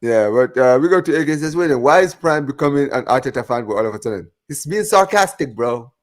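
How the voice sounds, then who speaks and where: A man's voice: medium pitch, animated, a little fast. A man hosting a live football watch-along, reading out viewer comments and joking with his co-hosts in a casual way. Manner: reads out viewer comments, banters with co-hosts, says "man" and "bro" a lot. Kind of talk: casual live-stream chat.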